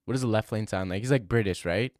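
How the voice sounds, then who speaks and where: A man's voice: fairly low pitch, fast, darkish tone, dry recording, clean studio sound. A young man streaming, reading chat aloud and reacting in casual, slangy talk, often saying bro. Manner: laughing, slangy, says bro a lot.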